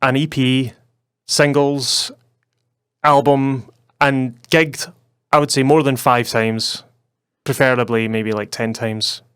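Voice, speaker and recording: A young Scottish man chats on a podcast in a loose, rambling way and laughs easily. His voice is smooth and clean. The sound is dry and close, with no room around it. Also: medium pitch, steady tone, fairly bright tone, no echo. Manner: chatty, rambling, quick to laugh. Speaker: podcast co-host. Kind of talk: casual podcast chat.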